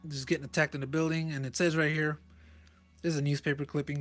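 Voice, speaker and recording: A man's voice: on the high side, level tone, fast talker, a bit bright. A man casually reviewing a comic page by page, chuckling often and correcting himself in rambling asides. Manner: chuckles often and reads panel text aloud.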